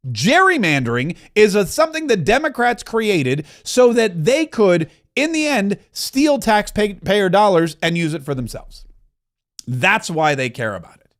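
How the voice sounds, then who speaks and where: A male podcast host with a notably high voice rails against politicians, piling up rapid, heated points. He talks in a run of asides and restarts. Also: very animated, fairly bright tone. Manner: fast, heated ranting with asides. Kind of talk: opinionated political commentary.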